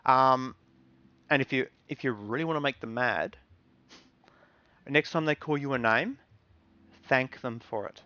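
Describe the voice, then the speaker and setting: A man's voice: medium pitch, unhurried, pauses often, sharp tone, dry recording. Rambling, earnest male streamer, dry sound. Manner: rambling, earnest advice with many ums and restarts. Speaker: game streamer. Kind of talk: casual live-stream talk.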